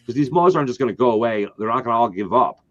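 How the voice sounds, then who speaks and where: A man's voice: mid-range voice, lively intonation, racing, fairly bright tone, dry recording. A man talks through his predictions in an emphatic, rambling way, restarting sentences as he goes. His voice sits mid-range, and the audio is dull and dry, like a lo-fi stream. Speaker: co-host. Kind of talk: casual political talk stream.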